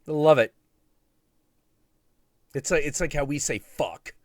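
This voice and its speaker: A man's voice: on the high side, measured pace, dry recording, studio quality. A man hosting a live stream, chatting casually in a rambling, profane, self-mocking way. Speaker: stream host.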